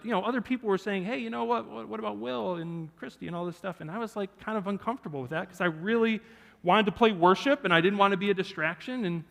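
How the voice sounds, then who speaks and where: A man preaching a sermon, telling a personal story with jokes for the congregation. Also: high-pitched. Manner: animated, joking with the congregation. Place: church sanctuary. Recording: church hall reverb.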